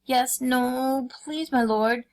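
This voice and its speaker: A woman's voice: high-pitched, takes it slowly, pitched above the performer's own voice. A woman doing a dithering, puzzled jackal. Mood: meek. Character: fussy confused male jackal, sly trickster.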